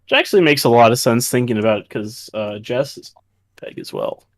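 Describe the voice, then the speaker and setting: A man's voice: medium pitch, animated, fairly quick, no room sound. Chill guy chatting about draft picks, dry mic. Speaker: draft show co-host. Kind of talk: casual draft commentary.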